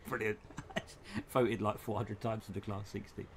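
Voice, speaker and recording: Guy hosting a live stream, excitable and jokey, faint noise behind. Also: on the low side, measured pace. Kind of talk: casual live-stream chat. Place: indoors at a model railway layout.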